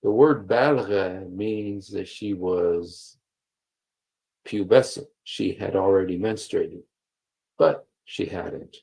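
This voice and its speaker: Streaming through a computer mic, a man reads texts aloud and stops to drive points home by repeating key phrases, with plenty of fillers. He speaks slowly in a low, husky, dark voice. Recording quality is low.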